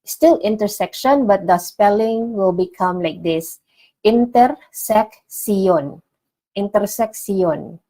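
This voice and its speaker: A woman teaching vocabulary in a casual online lesson, repeating each word clearly for learners. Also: mid-range voice, a little slow, hardly any pauses, dark tone, low-quality recording. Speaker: language teacher.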